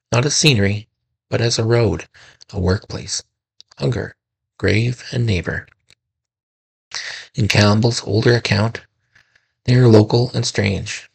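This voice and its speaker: Male host, solemn folklore narration, gravelly and husky tone. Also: lowish voice. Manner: slow, solemn storytelling with self-corrections. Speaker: podcast host.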